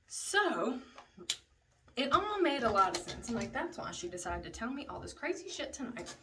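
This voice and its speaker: A woman's voice: medium pitch, a bit bright, recorded from a distance, a little hiss or hum. A young woman telling a story in a casual vlog while doing her makeup, chatty and profane, with lots of "like". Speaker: beauty vlogger telling a story.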